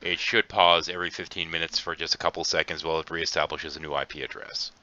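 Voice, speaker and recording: A man's voice: rumbling low, flat delivery, quick pace, sharp tone, a little hiss or hum. A man hosting a casual group call on a stream, talking through technical matters and laughing often. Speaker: stream host. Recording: dull lo-fi stream audio.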